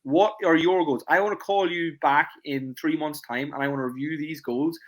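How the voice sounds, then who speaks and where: A man, a fitness coach hosting a casual podcast, talking emphatically and leaning on "it's like" again and again. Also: steady tone. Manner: rapid, emphatic, repeats "it's like" constantly; acts out clients in high voices.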